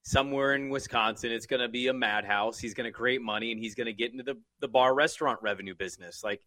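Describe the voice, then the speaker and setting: Bright-voiced opinionated man. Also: medium pitch, no room sound. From US West Coast. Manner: opinionated, joking, quick asides. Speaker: sports podcast co-host. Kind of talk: casual sports chat.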